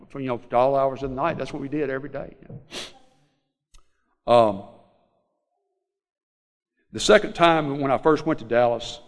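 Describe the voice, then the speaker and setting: A middle-aged man with a Southern US accent, telling a personal recovery story to a group in a halting, rambling way, full of fillers. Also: medium pitch. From Mississippi Delta, USA. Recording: long hall reverb.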